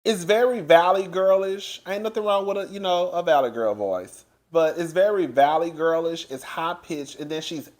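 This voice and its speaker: A man giving a casual recap of a reality show, loud and animated, laughing often and chatting straight to his listeners. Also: a little high, moderate pace, few pauses. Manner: chatty, addresses listeners as girl. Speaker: TV show reviewer.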